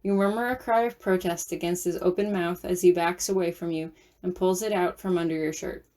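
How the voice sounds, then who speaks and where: A woman reading a second-person fan-fiction story aloud as narrator, in a steady, even storytelling manner. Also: on the low side, a little fast. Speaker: audiobook narrator.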